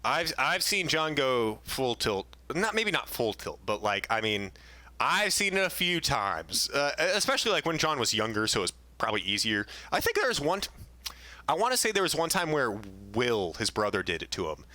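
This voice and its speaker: A man's voice: medium pitch, big pitch swings, normal speed, sharp tone, no echo. Young male co-host, casual storyteller with a punchy tone who curses and laughs a lot. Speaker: podcast co-host. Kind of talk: casual chat.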